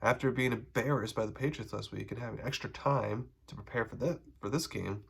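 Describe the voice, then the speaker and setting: A man's voice: fairly low pitch, brisk, gravelly, fairly bright tone, husky. A young man with a cold and a nasal voice, hosting a solo sports podcast in a casual way with frequent ums. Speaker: podcast host.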